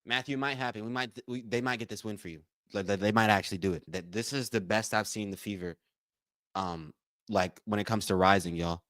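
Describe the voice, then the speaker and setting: Excitable man calling a game live. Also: fairly low pitch, fairly quick, dry recording. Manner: excitable, repeats phrases, says y'all a lot; thanks donors by name. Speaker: livestream watch-along host. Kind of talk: live game commentary and chat.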